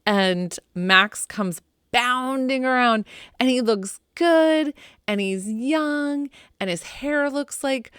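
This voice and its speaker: A middle-aged woman hosting a podcast as a pet psychic, telling stories in a chatty, animated, heartfelt way full of "like"s. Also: sits high, slow pace, smooth, dry recording, clean studio sound. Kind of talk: casual heartfelt storytelling.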